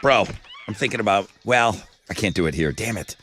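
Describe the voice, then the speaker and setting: A man's voice: lowish voice, expressive, brisk, sharp tone, slight background noise. A man hosting a radio morning show, chatting energetically and rambling as he jokes with callers. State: slightly out of breath. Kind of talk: casual radio chat.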